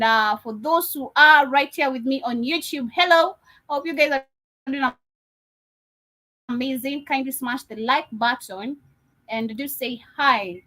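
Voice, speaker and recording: A woman from Africa runs a casual livestream, speaking bluntly and emphatically with a sarcastic edge. Her voice sits high and sounds bright and forceful. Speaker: livestream host.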